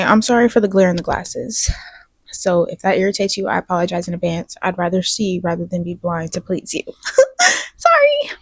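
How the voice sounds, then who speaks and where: A woman's voice: medium pitch, no room sound. Sniffly young woman rambling from her bed. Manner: rambling, candid, swears, trails off into soft asides. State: sniffly from crying. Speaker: podcast host. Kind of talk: casual confessional vlog. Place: bedroom, in bed. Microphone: small mic plugged into a phone.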